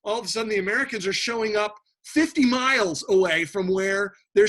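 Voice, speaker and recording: This history lecture comes from an energetic male teacher whose bright voice sits high for a man. His style is casual and jokey, with frequent sentence restarts. He holds the class's attention through rapid asides.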